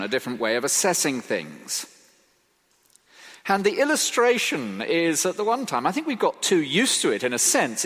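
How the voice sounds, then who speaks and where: A man preaching a sermon, emphatic and expressive, asking rhetorical questions. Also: medium pitch. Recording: reverberant hall.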